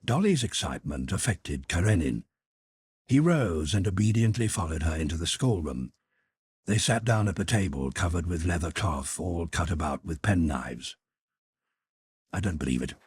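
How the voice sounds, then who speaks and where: Very deep, husky male narrator. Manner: expressive, measured storytelling. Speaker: audiobook narrator. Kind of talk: scripted narration.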